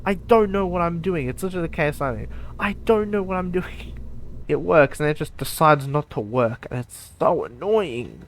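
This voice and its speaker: A man's voice: a little high, lively intonation, moderate pace. A man giving live commentary over a space game, talking straight to his viewers, by turns muttering and exclaiming in exasperation. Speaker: gaming YouTuber.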